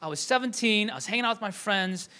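A man's voice: high voice, lively intonation, fast talker, sharp tone. A young man from Michigan preaching a conversational sermon, with many fillers and restarts. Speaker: pastor.

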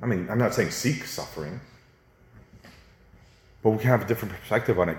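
Low-voiced man preaching in a roomy space. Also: a little fast, long pauses. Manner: earnest, conversational preaching with animated rises. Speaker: pastor. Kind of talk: sermon.

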